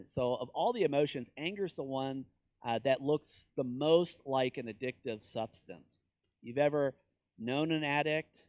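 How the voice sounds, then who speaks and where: Man, pastor, from Kansas, sermon, mid-pitched voice, dry close sound, loud emphatic peaks, quiet asides. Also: no echo. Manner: conversational preaching with sudden loud, high emphasis and low asides.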